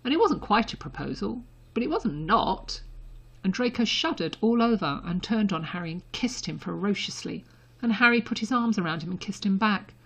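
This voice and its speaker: A woman narrating a story as an audiobook reader, in a soft and intimate delivery. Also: medium pitch, expressive, normal speed, creaky, slightly rough.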